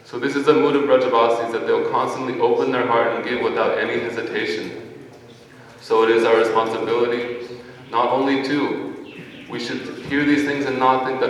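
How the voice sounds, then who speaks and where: A man's voice: medium pitch, flat delivery, fairly quick, a bit bright. Man speaking devotionally in an echoey hall. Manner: earnest, recites scripture verses in Sanskrit and Bengali. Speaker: devotee giving a spoken offering. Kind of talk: devotional talk. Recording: echoey hall, distant mic, faint ambience.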